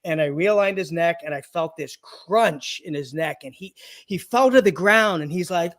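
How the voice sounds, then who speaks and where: Male guest, high voice, comic storyteller doing patient impressions. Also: fairly quick, fairly bright tone. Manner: jokey anecdotes, acts out patients' voices, laughs often. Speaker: guest, chiropractor and comedian. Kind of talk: storytelling interview.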